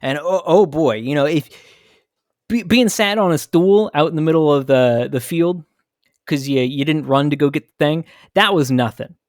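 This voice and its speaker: A man's voice: a little high, normal speed, no echo, clean studio sound. A man hosting a podcast, telling a candid, reflective story about his own childhood. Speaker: podcast host. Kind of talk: personal storytelling monologue.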